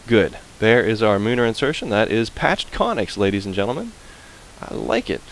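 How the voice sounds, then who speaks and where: A playful man hosting a game playthrough, talking low with a gravelly edge and swinging his pitch a lot. He chats loosely and hums along while he plays. A faint hiss sits under the recording. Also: sing-song, moderate pace, low-quality recording. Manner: chatty, playful, hums and repeats fillers. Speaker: let's play host. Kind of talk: casual game commentary.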